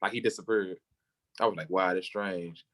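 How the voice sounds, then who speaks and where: A young man, a football player, telling his story in an interview and acting out the people he quotes, sometimes jumping way up in pitch for their lines. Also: fairly even intonation, moderate pace, fairly bright tone. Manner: acts out quoted voices, jumping high for other people.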